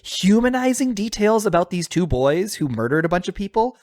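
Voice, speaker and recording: A man's voice: high-pitched, big pitch swings, fairly quick, a little mellow, dry recording, clean studio sound. A man co-hosting a podcast in casual chat, chatty with lots of fillers and frequent laughs. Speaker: podcast co-host.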